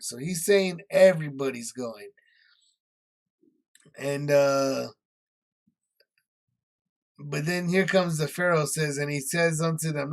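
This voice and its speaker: A man's voice: fairly high pitch, slow pace, gravelly, long pauses. A man leading a casual Bible study, explaining scripture in everyday words with lots of fillers.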